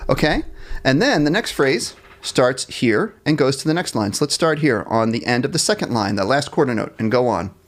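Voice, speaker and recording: A music teacher leads a jazz band class live online from his computer, counting in, scatting melodies and cheerfully poking fun at his minor slip-ups. He sounds animated, at medium pitch and normal speed, with soft music in the background.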